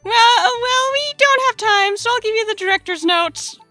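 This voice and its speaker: Woman doing a frazzled fair-folk brownie baker, squeaky, bright, bouncy pitch. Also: lively intonation, normal speed, faint music behind, full character voice. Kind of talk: voice-acting a visual novel.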